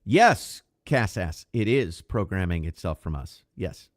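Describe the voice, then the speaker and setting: Low-voiced, loose-talking male podcast co-host. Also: sing-song, a little slow, no echo, clean studio sound. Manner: loose and profane, with filler-heavy restarts, thanks viewers. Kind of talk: casual chat on a livestreamed podcast.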